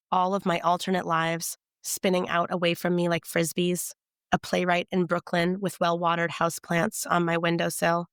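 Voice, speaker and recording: Low, gravelly woman reading a novel. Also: dry recording, studio quality. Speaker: author reading her novel. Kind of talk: first-person novel narration.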